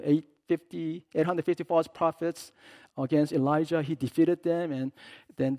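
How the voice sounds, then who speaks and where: A man preaching a sermon as a pastor. He is animated, swinging from soft asides to loud, emphatic passages, and acts out the words he quotes. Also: on the high side, no room sound.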